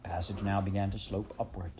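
Male audiobook narrator; low-pitched, measured, expressive reading. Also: a little hiss or hum.

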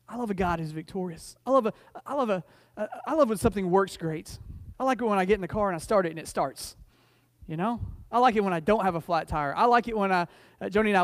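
Middle-aged male pastor, high voice, chatty anecdotes that swell into emphatic preaching, many restarts. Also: dry recording. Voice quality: frequent restarts and repeated words. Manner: conversational, storytelling preacher who rises to emphatic declarations. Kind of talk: sermon.

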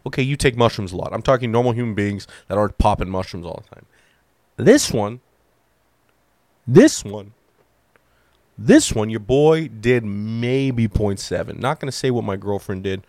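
A male comedian telling a story with a voice that swings up and down all the time. He is profane and animated and slips into the voices of the people he describes. The sound is dry and close. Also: mid-range voice, moderate pace, no room sound. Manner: profane, animated, acts out other people's lines. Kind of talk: stand-up storytelling.

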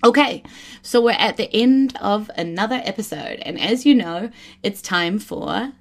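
A woman's voice: mid-range voice, a little slow. Bubbly New woman podcaster. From New Zealand. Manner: bubbly, laughs often, gets giddy with excitement. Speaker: podcast host. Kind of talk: casual solo podcast chat.

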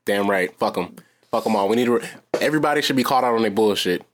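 Fast-talking young man, animated and profane. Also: fairly low pitch, a little hiss or hum. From Florida. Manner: animated, profane storytelling with acted quotes. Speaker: podcast co-host. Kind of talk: casual chat.

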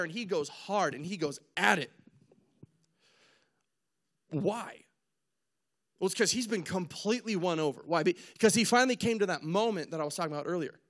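A young man preaching in a casual, lively way, retelling a story and acting out its people with jokes at his own expense. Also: high voice. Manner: animated storyteller, acts out characters, jokes at himself.

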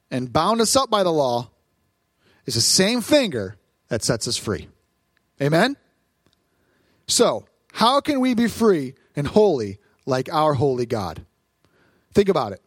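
A man, a pastor, preaching a lively sermon at a church service, asking the crowd questions and acting out voices. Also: fairly high pitch, dry recording.

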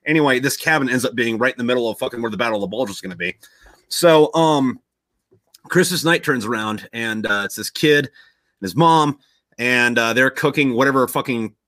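A man's voice: medium pitch, moderate pace, fairly bright tone, no room sound. A young man in casual podcast chat, telling a long story in a rambling way, swearing constantly and loosely acting out quotes.

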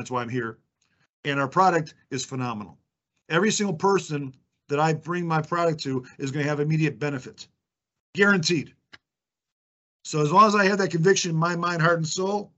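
As a podcast guest, a man recounts sales stories confidently and emphatically, acting out the dialogue in conversational storytelling. His voice is a little high, brisk, bright, and forceful. The highs are cut off.

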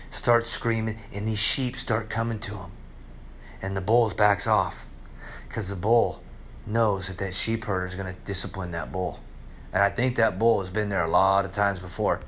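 A man preaching a sermon, telling stories with big swings between loud excitement and hushed, low moments. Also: slight background noise. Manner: animated storytelling preacher, swinging from loud highs to hushed lows. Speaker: pastor.

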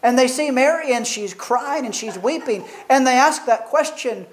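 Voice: high-pitched, normal speed, slight background noise, low-quality recording. A preacher reading a Bible passage aloud and then expounding it in an earnest, reflective sermon with rhetorical questions.

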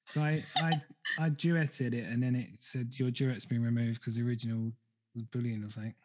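A man's voice: medium pitch, level tone, fairly quick, darkish tone. A man, hosting a casual chat, gossiping and swearing. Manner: gossipy, sweary, acts out quoted people. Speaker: podcast host.

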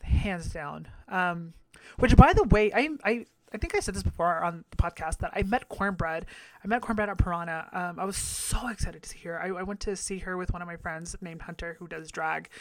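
A man's voice: sits high, no room sound. A man hosting a podcast, giving a campy, profane, giggly episode recap. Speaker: podcast host.

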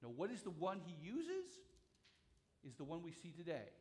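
High-voiced pastor teaching a sermon. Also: male voice, wildly swooping pitch, normal speed, dark tone. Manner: explanatory teaching with frequent restarts; conversational, thinks aloud.

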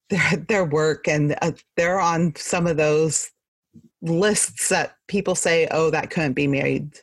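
A podcast co-host in casual chat, speaking in a measured, thoughtful way. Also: medium pitch, fairly even intonation, slightly rough, no echo.

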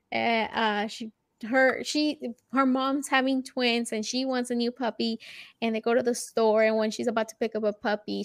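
A woman's voice: on the high side, no room sound, clean studio sound. A woman co-hosting a casual comic book podcast, chatty and giggly. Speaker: podcast co-host. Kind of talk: casual chat about comic books.

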